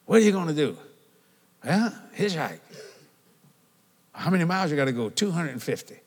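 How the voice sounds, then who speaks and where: An older man with a slightly rough, somewhat high voice preaches a sermon at a moderate pace. He tells stories animatedly and trades calls and responses with the congregation, his words echoing with long hall reverb.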